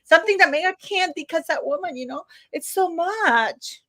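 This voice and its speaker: A woman's voice: extremely high pitch, expressive, normal speed, bright, forceful tone, dry recording, studio quality. A woman hosting a casual live stream over a video call, chatty and repetitive, fumbling with her screen-sharing as she talks. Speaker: livestream host.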